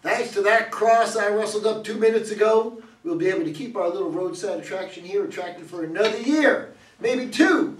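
Actor doing a bragging old cowboy museum owner, folksy drawl, reedy and high, miked from afar in an echoey hall. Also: male voice, fairly quick, recorded from a distance, a little hiss or hum, lightly acted. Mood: cocky, folksy. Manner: folksy drawl, hammy and salesman-like. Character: boastful older male cowboy running a roadside museum. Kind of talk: reader's theater stage reading.

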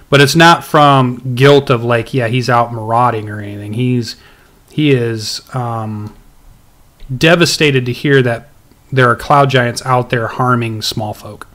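A male game master narrating a tabletop session. He stumbles, restarts and fills pauses with ums. His voice sits at an ordinary male pitch. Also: fairly bright tone. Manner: hesitant, many ums and restarts.

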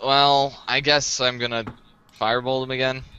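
A man's voice: medium pitch, little pitch movement, moderate pace, bright, forceful tone, clear, resonant tone, highs cut off. A man playing a tabletop game, unsure and thinking aloud as he decides. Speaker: player. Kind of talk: casual tabletop play.

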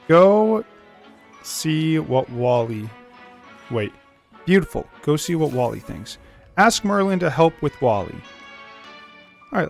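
A man narrating his gameplay in a casual, chatty way, calling the game characters buddy. His voice sits on the high side and swoops up and down with energy. Faint game music plays underneath. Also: creaky. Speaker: let's play host.

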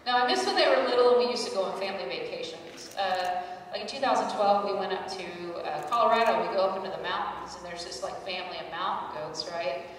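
A woman's voice: mid-range voice, quick pace, distant mic, slight background noise. Wry woman comic in an echoey hall. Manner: wry, self-deprecating storytelling with loud acted asides. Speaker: stand-up comedian. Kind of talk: stand-up comedy set. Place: live comedy stage. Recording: echoey hall, mic heard from afar.

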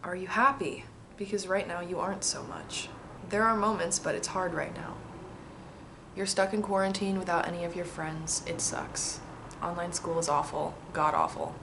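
This is a fairly low-pitched young woman in her 20s, heard over background noise, reading her old letter and answering it vlog-style. She's chatty and excitable yet reflective, and she laughs a lot.

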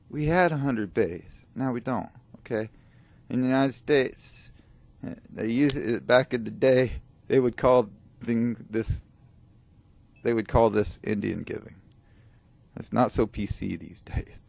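A man's voice: fairly low pitch, slow pace, vocal fry, long pauses, a little mellow. A man giving rambling gameplay commentary, grumbling and drifting off topic while talking to his viewers. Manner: digressive, grumbling, talks to viewers. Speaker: gaming video creator.

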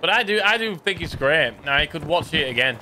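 A man commentating over his gameplay in loose, rambling chat. His voice is bright and slightly high, and he drifts into quiet mumbles. There is faint noise behind him. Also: expressive, a little fast. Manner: rambling, joking, trails off into mumbles. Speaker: gaming streamer.

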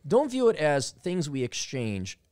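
A man's voice: on the high side, unhurried. A man chatting in a studio, telling stories with lots of laughter and putting on voices. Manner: animated storyteller, mimics voices, laughs a lot. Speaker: guest. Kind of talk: casual studio chat. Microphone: studio mic.

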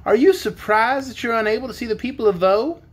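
A man voicing a soft-spoken, gently amused invisible mother in a storybook. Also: extremely high pitch, brisk, voice pushed up. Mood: gentle. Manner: soft and rippling.

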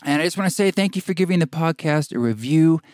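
A man from Oregon hosting a podcast, talking in a relaxed, rambling way with fillers, a bit out of breath. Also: a little high, quick pace, no room sound, studio quality. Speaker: podcast host. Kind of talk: casual podcast intro and interview. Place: tiny house studio.

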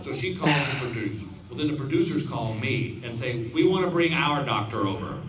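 A man in his fifties doing stand-up, telling a long story in a folksy way and quietly acting out the other people's lines. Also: medium pitch, animated, fairly quick. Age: 50s. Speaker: stand-up comedian. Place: outdoor stadium stage. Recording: roomy, distant audience recording with crowd noise.

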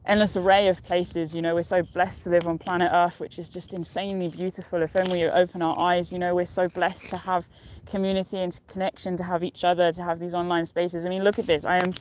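A woman's voice: lowish voice, darkish tone, a little hiss or hum. Cheerful rambling woman on a mountaintop. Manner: rambling, cheerful, laughs often. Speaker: outdoor vlogger. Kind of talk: casual live-stream chat. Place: outdoors on a mountain top.

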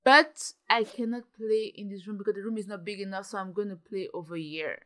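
Bright-voiced excitable woman gamer. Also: medium pitch, brisk. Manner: dramatic, gasps and exclaims, ends points with "okay?". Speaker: gaming YouTuber. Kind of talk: excitable gameplay commentary.

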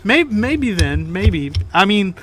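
A man's voice: high voice, sing-song, slow, a bit bright. A man co-hosting a casual beer-drinking chat, rambling with lots of filler and swearing. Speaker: podcast co-host.

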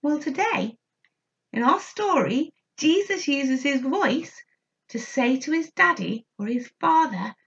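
Animated high-voiced woman telling a children's story. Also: takes it slowly, creaky, dull audio. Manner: animated, sing-song, inviting children to join in. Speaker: children's church leader.

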